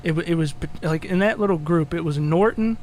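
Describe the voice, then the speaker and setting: A young man with a slightly high voice chats on a casual podcast. He rambles through stories, swearing freely and laughing. A faint hiss sits under the recording. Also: a little fast, darkish tone. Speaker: podcast co-host. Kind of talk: casual crude podcast chat.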